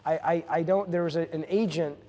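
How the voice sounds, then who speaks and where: An enthusiastic man with a slightly high voice, speaking as a game director on a live panel. He tells stories eagerly and often restarts his sentences. The sound carries a long hall reverb. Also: steady tone, a little fast, dark tone. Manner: enthusiastic storyteller with many restarts. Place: stage at a live event.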